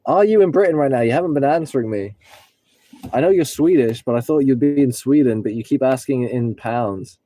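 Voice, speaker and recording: A man's voice: medium pitch, normal speed, mellow, no room sound. A man in his twenties, rambling casually to viewers of a livestream from his car. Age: 20s. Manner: rambling, talks to chat viewers, breaks into singing. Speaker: livestreaming rideshare driver.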